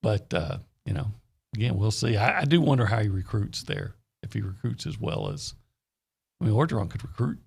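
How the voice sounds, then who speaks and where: A man's voice: fairly low pitch, expressive, fairly quick, creaky, breathy edge. A man co-hosting sports radio talk, giving blunt, opinionated takes in a casual way.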